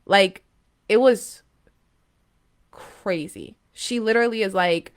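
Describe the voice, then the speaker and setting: A woman's voice: medium pitch, takes it slowly, clear, resonant tone. Rambling young woman telling a story. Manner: rambling, many fillers and restarts, emphatic. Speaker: spiritual live-stream host. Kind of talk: casual storytelling to viewers. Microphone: phone or webcam, live stream.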